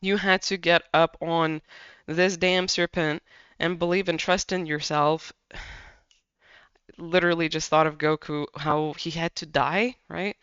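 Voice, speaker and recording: A tarot reader giving a casual pick-a-pile reading, chatty and excitable, swearing freely. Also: mid-range voice, slow, smooth, dry recording, dull audio.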